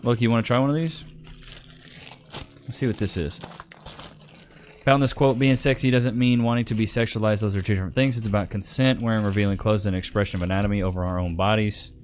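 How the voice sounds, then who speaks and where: Low-voiced man hosting a loose live stream. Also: steady tone, fast, slight background noise. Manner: loose, slangy, reads chat names aloud. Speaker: livestream host. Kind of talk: casual live-stream chat. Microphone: desk microphone.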